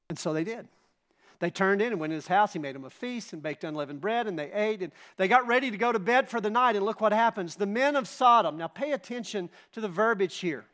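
A man's voice: high voice, animated, brisk, a bit bright. A pastor preaching a sermon, emphatic and dramatic as he retells scripture and asks the congregation rhetorical questions.

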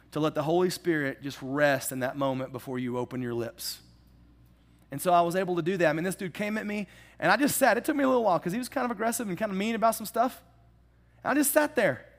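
A man preaching a sermon in a casual, animated storytelling way, with humorous asides. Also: on the high side. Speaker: pastor.

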